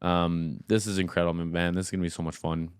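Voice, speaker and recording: Excitable laughing man, dry close sound. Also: sits low, fast talker, clean tone, no room sound. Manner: excitable, laughs often, heavy on "like" fillers, swears casually. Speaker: music reaction host. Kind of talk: casual reaction commentary.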